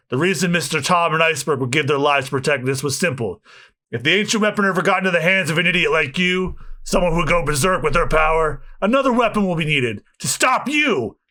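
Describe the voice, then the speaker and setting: A man co-hosting a podcast, reading a manga aloud with asides, in an animated way. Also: fairly high pitch, a little fast. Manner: animated, reads with asides and laughs. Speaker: podcast co-host.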